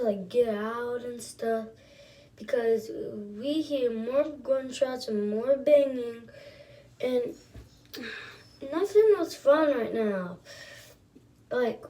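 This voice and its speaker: A woman casually telling a story to her viewers while doing her makeup, soft-spoken and rambling with lots of fillers. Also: on the high side. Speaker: vlogger.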